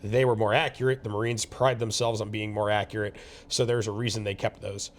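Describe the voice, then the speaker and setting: A man's voice: on the low side, little pitch movement, fairly quick. A young man co-hosting a casual chat outdoors, giving firm opinions and often repeating words as he starts a point. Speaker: co-host. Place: outdoors at a shooting range.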